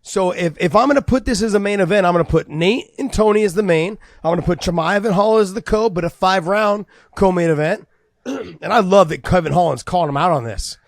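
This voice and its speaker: A man who used to be a fighter co-hosts a casual podcast, talking fast and excitedly and acting out quoted lines. His voice is high-pitched, and the studio-quality recording has no room sound.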